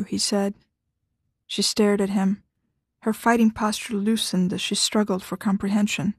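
Woman reading a story, measured. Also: mid-range voice, level tone, darkish tone, slightly rough, no echo, studio quality. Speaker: narrator. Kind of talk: scripted narration.

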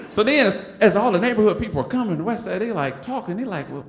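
A man, a stand-up comic telling a funny story live on stage, animated and laughing as he acts out other voices. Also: sits high, quick pace. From Detroit. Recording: roomy stage sound with noise.

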